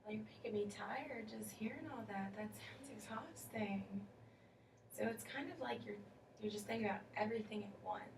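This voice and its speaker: A woman playing a counselor in a role-play, asking questions gently and patiently, with some fillers. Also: medium pitch, normal speed, vocal fry. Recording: echoey room, distant mic, faint noise.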